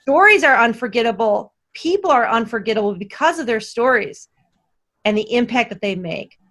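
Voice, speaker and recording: A woman talking as a guest on a podcast, eager and emphatic as she drives her points home. Her voice sits somewhat high, and she leans on repeated phrases for emphasis. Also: lively intonation, moderate pace, a bit bright. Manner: enthusiastic and emphatic, stressing points with repetition. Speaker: guest, company CEO. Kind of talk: casual podcast conversation.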